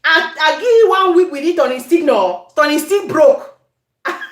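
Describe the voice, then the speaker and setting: Cameroonian-accented woman, high voice, chatty cooking host, echoey home kitchen. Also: animated, moderate pace. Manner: chatty, addresses viewers, breaks into Pidgin. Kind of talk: casual cooking demonstration.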